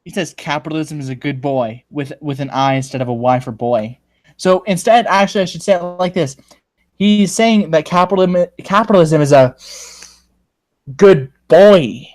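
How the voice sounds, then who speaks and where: A man's voice: on the high side, fairly quick. A man hosting a casual livestream, joking sarcastically and reading viewer comments aloud. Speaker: livestream host.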